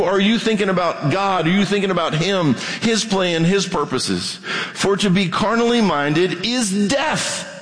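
Guy preaching a sermon, high voice, lots of hall echo, earnest and questioning. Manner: earnest, questioning, reads scripture aloud.

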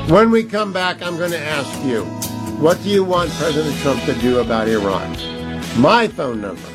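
A man's voice: medium pitch, poor audio. A man hosting a talk radio show, speaking emphatically and urging listeners to donate. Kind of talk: conservative talk radio monologue.

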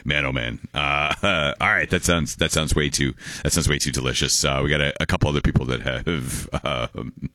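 A man's voice: extremely low pitch, moderate pace, hardly any pauses, pushed and bright, dry recording. A man hosting a call-in radio show, chatting casually with jokes, laughing and repeating himself as he rambles. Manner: rambling, jokey, stumbles and repeats words, laughs often. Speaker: radio host. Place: radio studio.

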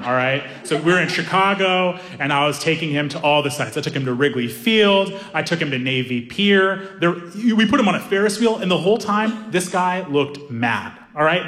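A young man doing animated stand-up storytelling, acting out voices with sudden high-pitched outbursts. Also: in a large hall. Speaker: stand-up comedian.

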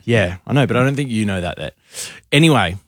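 A man's voice: fairly low pitch, expressive, fast, a bit bright, no room sound, clean studio sound. Chatty male radio host. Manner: chatty, rambling with many fillers. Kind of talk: casual radio banter.

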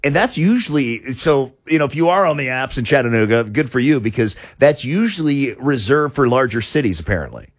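A man's voice: mid-range voice, lively intonation, brisk, hardly any pauses, dry recording, clean studio sound. A man hosting a talk show, chatting casually in a rambling way with many restarts and chuckles. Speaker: show host.

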